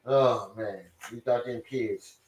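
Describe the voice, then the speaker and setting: A young adult man hosting a casual livestream, loud and profane as he scolds his kids. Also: medium pitch, takes it slowly, reverberant. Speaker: online show host.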